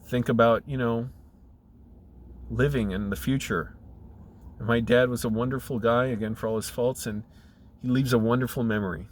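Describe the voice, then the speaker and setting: A middle-aged man, choked up, talking in a halting, emotional way, with many restarts and fillers. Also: medium pitch, fairly even intonation, a little hiss or hum. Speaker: channel creative director. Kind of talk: personal video diary.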